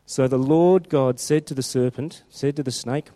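A man preaching a sermon, mixing chatty asides with animated scripture reading. His voice is mellow and warm, sitting at an average pitch. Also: moderate pace, few pauses.

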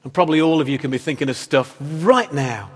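A man's voice: on the high side, a little fast, slightly rough. A man preaching a sermon as pastor, in a conversational, wry style full of rhetorical questions. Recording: echoey hall reverb.

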